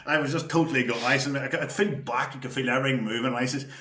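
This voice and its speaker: A man's voice: mid-range voice, bright, forceful tone, slight background noise. Laughing man, echoey room. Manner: halting, frequent restarts, laughs while telling stories. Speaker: podcast guest, former player. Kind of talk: casual storytelling chat.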